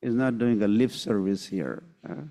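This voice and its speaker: Speaking as a spiritual teacher in a scripture lecture, a man with a fairly low, mellow voice tells a story and acts out the quotes. He is a slow, unhurried storyteller, and the recording carries a long hall reverb.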